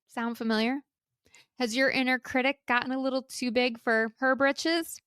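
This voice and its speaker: A woman host in midlife, speaking to listeners on her own podcast, chatty and encouraging. She often asks her audience rhetorical questions. Her voice sits a little high, and the recording is close and dry with no room sound. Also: steady tone, moderate pace, fairly bright tone, clear, resonant tone, dry recording. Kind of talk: solo podcast talk.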